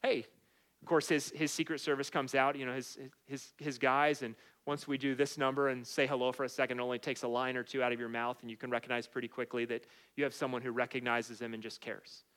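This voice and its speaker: A man's voice: medium pitch, little pitch movement, quick pace, fairly bright tone. A middle-aged man preaching a sermon in a conversational way, weaving personal stories into the teaching. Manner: conversational preaching with storytelling asides. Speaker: pastor.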